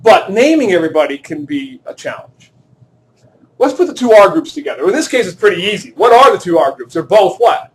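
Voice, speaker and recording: A man's voice: sits high, very animated, fairly quick. A male chemistry teacher lecturing a class in a classroom, joking and quizzing students as he works through problems. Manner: joking, self-deprecating, asks the class questions.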